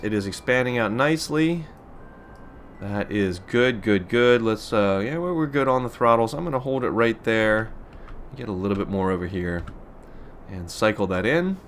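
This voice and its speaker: Chatty low-voiced man narrating gameplay. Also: fairly bright tone, slight background noise. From Pittsburgh, USA. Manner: chatty, rambling, upbeat with fillers. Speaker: let's play host. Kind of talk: casual gameplay commentary. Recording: faint background music.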